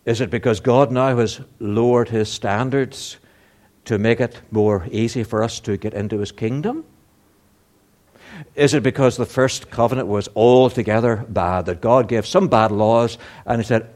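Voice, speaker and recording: A man preaching a sermon, earnest and emphatic, asking rhetorical questions and building to louder, higher emphasis. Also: measured pace.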